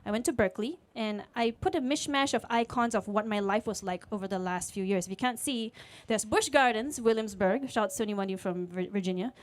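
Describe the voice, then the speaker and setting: A woman in her late 20s from Singapore, a music teacher, shares a personal story before a live audience, talking fairly quickly with few pauses in a mid-range voice. Her delivery is candid and chatty, with fillers and quotes spoken in character.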